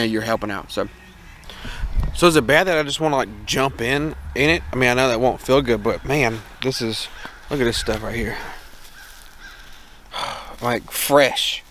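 A man with a Southern American accent talks through a casual homestead vlog outdoors. He rambles, restarts his sentences and sounds eager. His voice sits at an everyday middle pitch, with faint outdoor noise behind him. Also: fairly bright tone. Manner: rambling, enthusiastic, many restarts. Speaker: homesteader vlogger. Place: outdoors in a yard.

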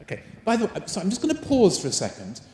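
Fast and high-pitched, a man keeps a teacher-training workshop lively, coaxing the audience and peppering the room with questions. It takes place live in a large conference hall, whose roomy echo fills the recording.

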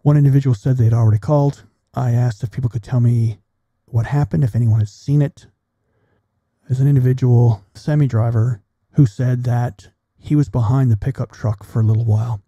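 A middle-aged man and military veteran, a podcast guest, telling a personal story bluntly and with plenty of swearing, in a measured delivery. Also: mid-range voice, creaky, warm tone, breathy edge, no room sound, muffled recording.

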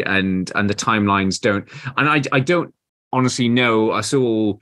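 A man's voice: fairly low pitch, normal speed, fairly bright tone. A man co-hosting a podcast, chatting casually about a film with hesitant, stop-start phrasing. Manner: hesitant, restarts often. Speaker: podcast co-host.

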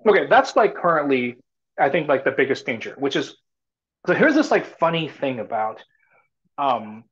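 A man's voice: on the high side, big pitch swings, moderate pace, a bit bright, slightly rough. A man talking as a startup CEO guest in a casual live talk, rambling and full of fillers and restarts. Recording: muffled lo-fi audio.

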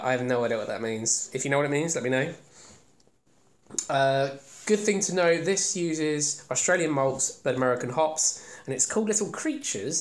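A man giving a casual, rambling, self-deprecating beer review on his own. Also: fairly high pitch. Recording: roomy echo.

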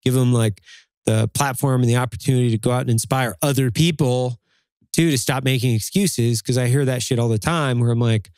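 A man's voice: mid-range voice, fairly even intonation, brisk, darkish tone, dry recording. Podcast co-host, male, mid-range voice; pushy, cussing motivational talk, dry studio sound. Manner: emphatic, profane, motivational. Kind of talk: casual podcast chat.

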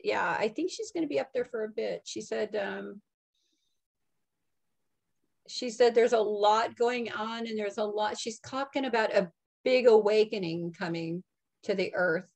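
Woman medium, soft and halting, relaying channeled messages, many restarts and fillers. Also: medium pitch, gravelly. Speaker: psychic medium. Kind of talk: channeling messages in casual chat.

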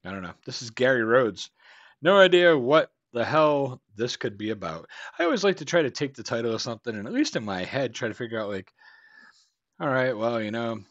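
A man's voice: mid-range voice, big pitch swings, a little fast, fairly bright tone, no room sound. A man from the United States hosting a reaction video, rambling loosely and swearing in jest. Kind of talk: casual reaction commentary. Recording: dry, slightly dull home mic sound.

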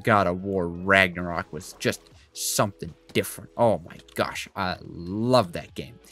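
A man's voice: low voice, fairly bright tone. A young man giving rambling let's play commentary as a gaming YouTuber, chatty with lots of fillers and asides. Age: young adult.

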